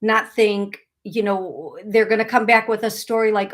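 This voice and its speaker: A middle-aged woman hosts a live call-in show, reading listener questions aloud and answering them in a loose, chatty way. She is blunt and jokey, laughing at her own asides, and her voice sits at a middle pitch. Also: moderate pace. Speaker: psychic medium host.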